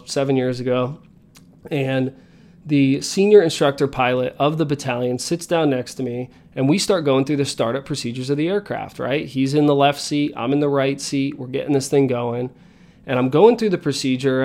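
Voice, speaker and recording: A man in his thirties from the United States hosts a podcast, telling a story and coaching his listeners in an earnest, motivational style. His voice is medium-pitched and a little mellow.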